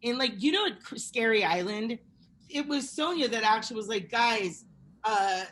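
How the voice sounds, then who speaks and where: A woman co-hosting a casual podcast chat, animated and drawing in her co-hosts with questions. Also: on the high side, normal speed. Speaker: podcast co-host.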